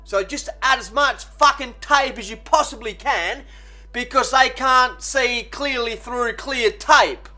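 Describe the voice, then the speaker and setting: A man's voice: very high-pitched, pushed and bright. A man giving rambling, sweary mock how-to advice while hungover. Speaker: vlogger. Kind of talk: comedic how-to vlog.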